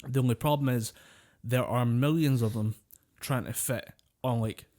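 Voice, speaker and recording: A man's voice: medium pitch, moderate pace, mellow. A man co-hosting a podcast, telling stories in loose, casual chat. He rambles, swears freely and often breaks into laughter. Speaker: podcast co-host.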